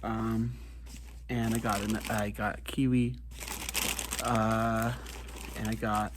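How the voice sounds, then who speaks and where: A man's voice: fairly low pitch, little pitch movement, unhurried, background noise. A man talking casually to his vlog camera, rambling with lots of ums and uhs, sometimes with his mouth full. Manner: talks while eating. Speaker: vlogger.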